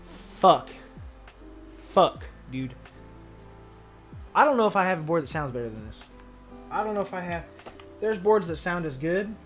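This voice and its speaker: A man's voice: sits high, expressive, unhurried, pauses often, a bit bright, soft background music. A young man chatting casually on a livestream while building a keyboard, answering viewers in laid-back, slangy banter full of swearing.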